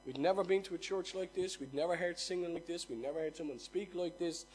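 A man's voice: fairly high pitch, fast talker, darkish tone, soft background music, rough recording. A middle-aged man preaching a sermon, earnestly telling his own conversion story and asking the listeners questions. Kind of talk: sermon with personal testimony.

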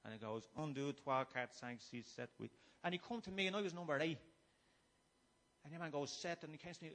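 A man's voice: lively intonation, brisk. Irish man telling his story, comic and emphatic. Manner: humorous, swings from low musing to loud acted-out shouting. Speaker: speaker giving a personal testimony. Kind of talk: storytelling testimony to a gathering. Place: room before a live gathering.

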